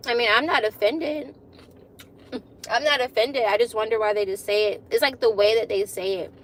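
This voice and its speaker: A woman's voice: fairly high pitch, steady tone, normal speed, a little hiss or hum. A woman in her twenties chatting casually with viewers on a phone live stream, laughing often and repeating herself. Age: 20s. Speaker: vlogger hosting a live stream.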